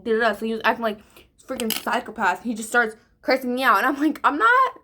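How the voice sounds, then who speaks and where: A teenage girl chats her way through a story time while doing her makeup. Her voice sits a little high, and she talks in an animated, slangy way. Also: quick pace. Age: teens. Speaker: vlogger. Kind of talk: casual story time during a makeup tutorial.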